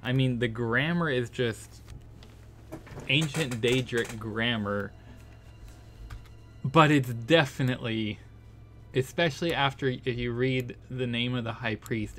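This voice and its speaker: A man streaming a game, slowly spelling out letters as he decodes text, then breaking into excited disbelief. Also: mid-range voice.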